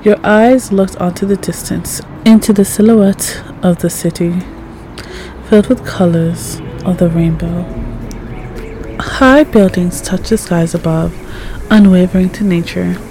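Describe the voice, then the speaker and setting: A woman reading second-person fanfiction aloud in a soft, calm voice that sometimes drops near a whisper. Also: on the low side, measured pace, a little hiss or hum. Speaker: fanfic reader.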